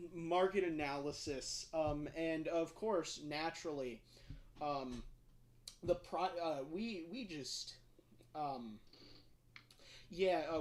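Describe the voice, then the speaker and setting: A man hosting a casual livestream, rambling and self-deprecating with lots of fillers. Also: a little high. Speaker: livestream host.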